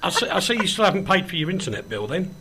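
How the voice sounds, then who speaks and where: A man's voice: high voice, very animated, rapid-fire, very noisy. A man hosting a casual radio chat show, joking and rambling with frequent ums as he moves between banter and news. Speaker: host.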